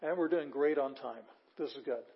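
A man's voice: a little high, vocal fry, breathy edge. Older guy teaching a class, patient, lots of ums, kinda dull lo-fi audio. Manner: plain, patient explaining with fillers and restarts, reading words slowly aloud. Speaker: Bible Greek teacher. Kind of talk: classroom lecture. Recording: dull, lo-fi lecture recording.

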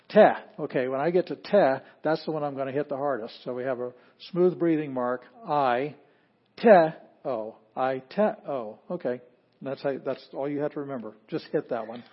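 Male teacher, mid-pitched, easygoing classroom lecture with small laughs, muffled lo-fi recording. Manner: relaxed, chuckling, plainspoken, with fillers. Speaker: Greek teacher.

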